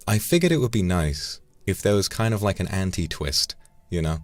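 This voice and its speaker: A man's voice: low voice, sing-song, normal speed, no room sound, soft background music. A man casually chatting on a livestream, swearing now and then and tripping over repeated words. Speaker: streamer.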